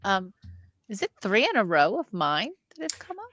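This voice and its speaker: Bright-voiced woman chatting about film. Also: mid-range voice, big pitch swings, no room sound. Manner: halting, repeats words, agreeable. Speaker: podcast co-host, film reviewer. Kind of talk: casual film review chat.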